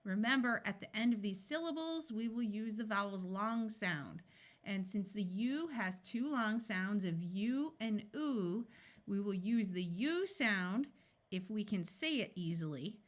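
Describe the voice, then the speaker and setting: A woman teaching a phonics lesson, sounding out each word slowly and then blending it together. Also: mid-range voice, expressive. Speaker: reading tutor.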